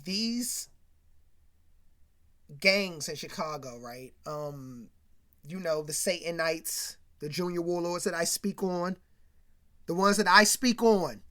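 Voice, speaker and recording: A commentator recapping an old sitcom episode in a casual, slangy, rambling way, talking straight to the audience and growing more animated when retelling scenes. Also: medium pitch, slow pace, pauses often.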